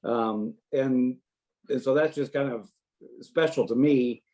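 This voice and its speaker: A man on a family video call speaking haltingly and emotionally about his sister. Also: medium pitch, mellow, poor audio. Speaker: younger brother.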